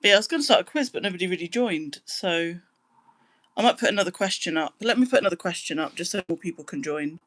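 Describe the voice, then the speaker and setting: A young British woman hosting a live stream, chatting casually with viewers and humming to fill the pauses. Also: lowish voice, lively intonation, a bit bright. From Britain. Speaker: livestream host.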